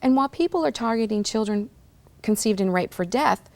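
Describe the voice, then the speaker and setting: Earnest woman with gravelly creak. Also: a little high, animated, a little mellow. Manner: earnest, slows down and drops to a breathy near-whisper on emotional words. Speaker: guest. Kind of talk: personal testimony in an interview.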